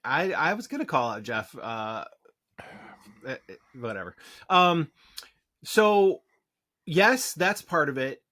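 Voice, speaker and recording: A man in his forties chatting loosely on a podcast, stopping and restarting his sentences. His pitch swings a lot as he talks. He laughs often into a close desk mic. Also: expressive, takes it slowly, long pauses, bright, forceful tone, no room sound. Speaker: podcast co-host. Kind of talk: casual chat.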